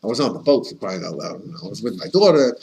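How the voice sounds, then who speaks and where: This rabbi's casual class comes through on a rough recording, his medium-pitched voice very animated, fast, and slightly mellow. He teaches in an anecdotal, talkative way, restarting sentences often and mixing in Yiddish and Hebrew.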